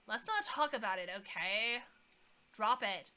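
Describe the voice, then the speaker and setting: Bright-voiced woman streamer, wry asides. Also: a little high, lively intonation, unhurried. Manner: wry, chatty asides while reading game text. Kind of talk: casual gameplay commentary.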